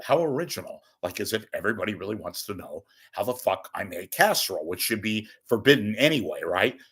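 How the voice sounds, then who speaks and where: An older man ranting at home in a rambling, profane, wisecracking monologue, swinging between loud bursts and muttered asides. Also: fairly low pitch, sing-song, fast, hardly any pauses, slightly rough. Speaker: media commentator. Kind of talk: off-the-cuff monologue.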